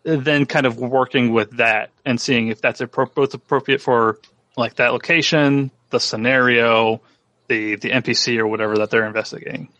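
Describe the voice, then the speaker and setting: A man who runs tabletop games, explaining how he works at the table. He talks hesitantly, with many fillers and restarts. His voice sits in a middle pitch, and the recording is dry. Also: steady tone, normal speed, bright, forceful tone, dry recording. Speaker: game master. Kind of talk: casual tabletop gaming discussion.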